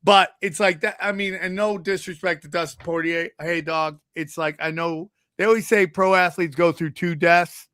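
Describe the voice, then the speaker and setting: A man with a high voice trades stories with a co-host in loose podcast chat. He swears freely and acts out other people's lines as he goes. The sound is dry and close. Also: steady tone, moderate pace, hardly any pauses, fairly bright tone, dry recording. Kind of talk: casual chat, storytelling.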